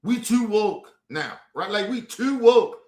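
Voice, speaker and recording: A man's voice: high voice, animated, measured pace, darkish tone, echoey room. A man from the United States delivering a heated, profane streamed commentary rant, lecturing his listeners. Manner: profane, fiery and emphatic, lecturing the audience.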